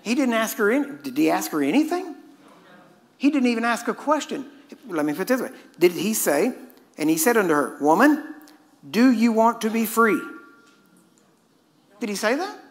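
A man's voice: high voice, very animated, brisk. A man preaching a sermon, emphatic and constantly quizzing his listeners. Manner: emphatic, questioning the audience.

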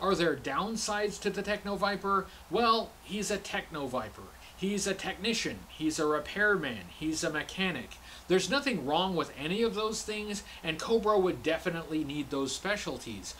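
Host, man, high pitch, measured scripted review read. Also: fairly bright tone, slight background noise.

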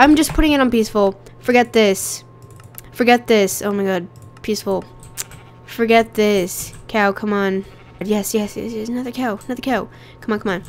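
A young woman with a cold, coughing and rough-voiced, chatting casually and getting easily exasperated while she plays. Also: mid-range voice. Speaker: gaming channel host. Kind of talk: casual gameplay commentary.

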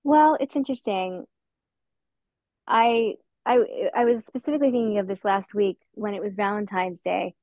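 A woman's voice: mid-range voice, normal speed, dry recording. Woman author, interview guest; reflective, self-correcting delivery; dry, slightly muffled recording. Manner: thoughtful, with restarts and soft laughs.

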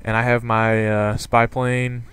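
A young man giving casual commentary on a video game, rambling and excitable, with lots of fillers. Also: medium pitch, unhurried, clear, resonant tone. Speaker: gaming commentator. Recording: game sound and gunfire behind. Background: gunfire from gameplay.

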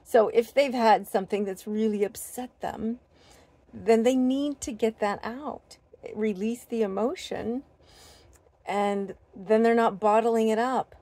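Slow, earnest spiritual woman vlogger. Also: on the high side, no room sound. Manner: earnest, gentle, with fillers and restarts. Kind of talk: heartfelt personal talk to camera.

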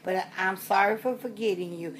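A woman's voice: medium pitch, fairly quick. A woman in her sixties talking casually to her viewers, chatty and rambling, often repeating herself and trailing off with fillers. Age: 60s. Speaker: reborn doll collector vlogger. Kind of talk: casual rambling vlog talk.

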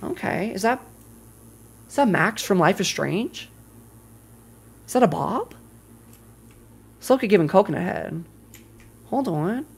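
Lively, foul-mouthed woman streamer. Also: medium pitch, measured pace, vocal fry, pauses often, husky. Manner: excitable, swears a lot, talks to chat; shifts to loud exclamations when flustered. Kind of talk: live gameplay commentary.

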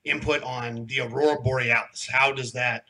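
Chatty man with a very bright voice. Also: mid-range voice, steady tone, moderate pace, low-quality recording. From Florida. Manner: chatty, hesitant, lots of ums. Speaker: audience member asking a question. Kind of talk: live Q&A question.

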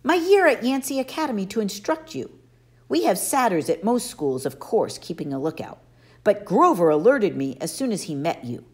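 A woman voicing a kindly, patient male teacher who speaks calmly and formally in a storybook reading. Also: medium pitch, normal speed, voice pushed up, lightly acted.

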